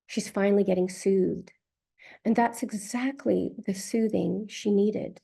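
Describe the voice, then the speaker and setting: A woman therapist narrating a session account in a slow, gentle, measured way. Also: medium pitch, steady tone, vocal fry, husky.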